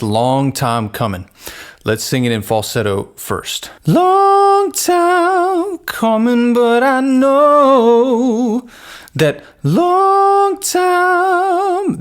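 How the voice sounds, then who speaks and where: A man teaching singing, explaining plainly and breaking into sung falsetto demonstrations. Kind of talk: vocal lesson with sung demonstrations.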